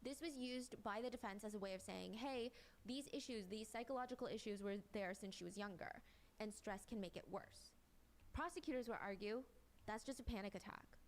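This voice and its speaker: A woman's voice: mid-range voice, brisk, slight background noise. A woman giving a conversational, step-by-step recap of a court case as a true-crime commentator. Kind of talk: recapping a trial to a co-host.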